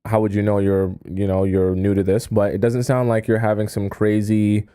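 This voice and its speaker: A man's voice: on the low side, flat delivery, moderate pace, dark tone, smooth. A man hosting a live stream as a dating coach, giving casual advice in a chatty way, often checking in with "okay?" and using coy euphemisms.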